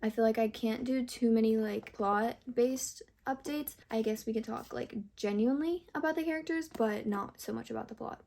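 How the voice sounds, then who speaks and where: A woman's voice: on the high side, normal speed, gravelly, hardly any pauses, a little mellow. A young woman chatting casually in a reading vlog, gushing and full of filler words. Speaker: book vlogger. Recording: faint music underneath.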